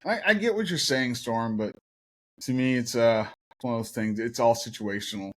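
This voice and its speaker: A young man hosts a casual podcast from a home setup, cursing freely as he talks. He breaks into laughter while telling his stories, and his voice sits in an average pitch range. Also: moderate pace, fairly bright tone. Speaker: podcast host.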